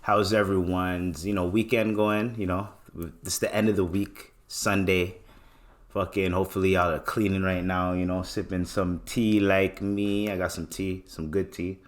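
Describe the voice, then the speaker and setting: A young man from Canada hosts his own podcast, his voice sitting a little low. He talks loosely and rambles, full of slang and casual swearing. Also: flat delivery, moderate pace. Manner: laid-back, swears often, slangy, rambling. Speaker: podcast host. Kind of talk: casual solo podcast talk.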